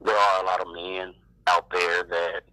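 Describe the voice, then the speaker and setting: A man calling in to a live show, talking in a halting way with many fillers. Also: deep voice, flat delivery, no echo. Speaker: caller. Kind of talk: casual phone-in chat. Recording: dry, bright phone line.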